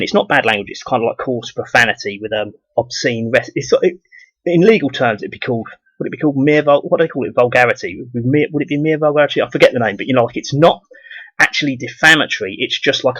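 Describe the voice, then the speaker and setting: Husky southeast English man ranting. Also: mid-range voice, a bit bright, dry recording, rough recording. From southeast England. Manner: rambling, profane, many repeated restarts. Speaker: video blogger. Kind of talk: ranting monologue.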